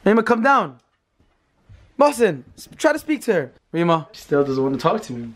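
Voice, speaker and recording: A man's voice: high voice, big pitch swings, normal speed. Young guy filming a prank vlog, goofy and teasing, chatting to the camera. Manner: playful, teasing, talks to camera and kids. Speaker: vlogger.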